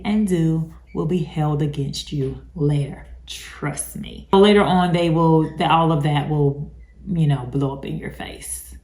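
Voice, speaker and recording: With a fairly low, somewhat dark voice, a woman hosts a casual advice talk about narcissistic abuse. She speaks emphatically and chattily, full of asides, and the recording has a roomy echo.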